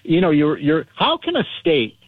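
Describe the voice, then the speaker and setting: A male guest commentator on a dry, tinny phone line. He sits a bit higher in pitch than most men and talks emphatically, often restarting his sentences and chuckling. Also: wildly swooping pitch, moderate pace, husky, no echo. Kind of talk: talk radio interview.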